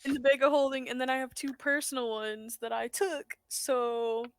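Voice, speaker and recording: A woman's voice: sits high, fairly even intonation, normal speed, a crowd in the background. A woman playing a tabletop game, chatting in a playful, giggly way. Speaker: player. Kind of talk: casual game chat.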